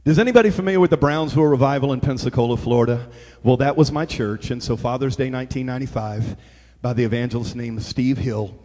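A man preaching a sermon as storytelling, swinging from hushed tones to shouting. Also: mid-range voice, in a large hall.

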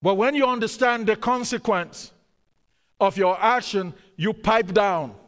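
Casting note: higher-voiced male preacher, emphatic and repetitive, long reverb of a big hall. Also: a little slow, fairly bright tone. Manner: emphatic, repeats key words, hesitant fillers. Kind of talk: sermon storytelling.

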